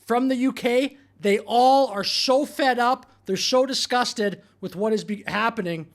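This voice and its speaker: A man's voice: very high voice, a little slow. A man hosting a political commentary show, talking over clips in a mocking, exasperated way. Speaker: commentary channel host.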